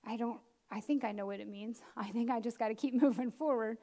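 A woman preacher giving a lively, chatty sermon with self-deprecating asides. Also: a little high, a little fast. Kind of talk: conversational sermon.

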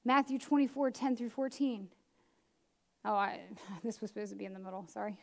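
A woman preacher giving a lively, chatty sermon with self-deprecating asides. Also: mid-range voice, a little fast. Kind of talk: conversational sermon.

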